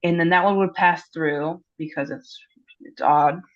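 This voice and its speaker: A teenage girl on a call asks her tutor about a math problem in a casual session. Her voice sits low and steady, unhurried, congested and hesitant with many "like"s, and the highs are cut off.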